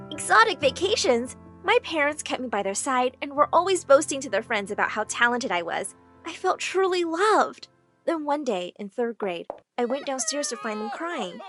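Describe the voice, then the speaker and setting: High, lively woman storyteller. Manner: animated, acts out the dialogue. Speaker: storytime narrator. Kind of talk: first-person storytime narration.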